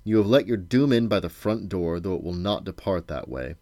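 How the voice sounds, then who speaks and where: A man's voice: sits low, animated, fairly quick, mellow, dry recording. A man reading as Mabruk, a scornful old wizard. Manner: cold, threatening and scornful.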